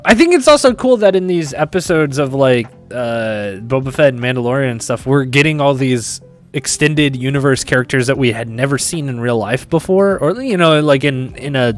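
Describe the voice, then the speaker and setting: A young male streamer talking to his chat, his pitch jumping around in a lively, animated way. He rambles, swears freely and restarts sentences often, with faint music playing underneath. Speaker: Twitch streamer. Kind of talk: casual stream chat, reading and answering chat.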